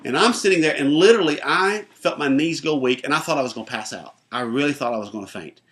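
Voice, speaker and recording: Bright-voiced pastor telling a lively story. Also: male voice, fairly high pitch, fast talker. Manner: animated, acts out the voices in his story. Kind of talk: storytelling personal testimony.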